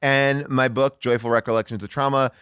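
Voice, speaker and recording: Animated middle-aged man telling a story. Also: mid-range voice, brisk, clean tone, no room sound, clean studio sound. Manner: animated storyteller, swearing, many fillers. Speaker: guest. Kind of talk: casual chat.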